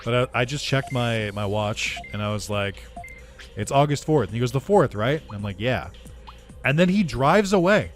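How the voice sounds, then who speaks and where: Gaming creator, male, mid-pitched, swears a lot and acts out quotes in an animated storytelling voice. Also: moderate pace, soft background music. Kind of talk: casual storytelling over gameplay.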